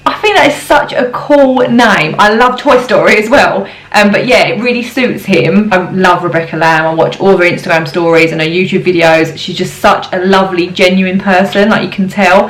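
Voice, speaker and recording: A woman's voice: lowish voice, moderate pace, hardly any pauses. A young woman, a mother, chatting casually to camera with frequent ums and little giggles. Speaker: parenting vlogger. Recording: roomy echo.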